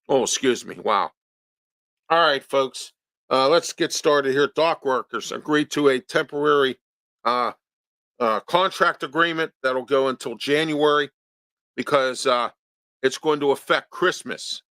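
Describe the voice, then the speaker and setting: A man's voice: mid-range voice, measured pace, pushed and bright, dry recording. A man hosting an opinion talk show in a studio, ranting with rhetorical questions and repeating himself.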